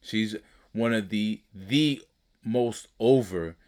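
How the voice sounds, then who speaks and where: Laid-back, lower-voiced man agreeing along. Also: slow pace, a little mellow. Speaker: podcast co-host. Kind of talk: casual wrestling chat.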